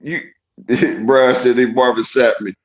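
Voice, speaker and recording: A man co-hosting a casual boxing live stream, telling fight stories in an animated, profane way and acting out what the fighters might have said. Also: mid-range voice, a little slow, reverberant, rough recording. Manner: animated, profane storytelling with acted-out quotes. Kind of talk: casual chat.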